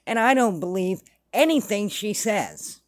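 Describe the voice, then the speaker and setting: A woman's voice: medium pitch, sing-song, measured pace, no echo. A woman hosting casual true-crime commentary, blunt and sarcastic. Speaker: commentary host.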